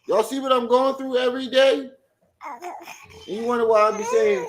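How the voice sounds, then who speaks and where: A young adult man hosting a casual livestream, loud and profane as he scolds his kids. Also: extremely high pitch, steady tone, moderate pace, pauses often, echoey room. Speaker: online show host.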